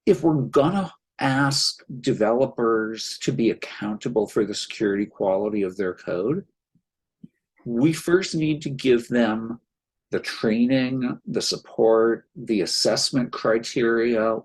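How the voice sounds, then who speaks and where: A man talks through his expertise at a slow, measured pace. His voice has a slightly husky edge. He explains patiently and drops the occasional wry aside. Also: mid-range voice, poor audio. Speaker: security expert guest. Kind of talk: podcast interview.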